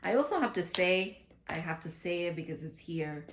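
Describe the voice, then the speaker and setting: A woman talks through a tarot reading in a casual, chatty way, giggling and thinking out loud as each card comes up. Her voice sits a little low for a woman, and she often restarts her sentences mid-thought. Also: lively intonation, moderate pace, a little hiss or hum. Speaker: tarot reader.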